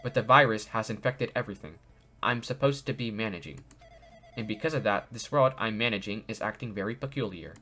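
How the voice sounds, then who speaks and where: A man voicing a calm artificial intelligence program with a polite, explanatory, robot-like manner while reading game dialogue aloud. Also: fairly low pitch, brisk, faint music behind.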